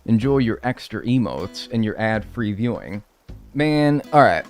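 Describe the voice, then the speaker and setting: Lively low-voiced male game streamer. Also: unhurried, faint music behind. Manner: casual, profane, joking; talks to chat and thanks subscribers. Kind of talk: live-stream gameplay commentary.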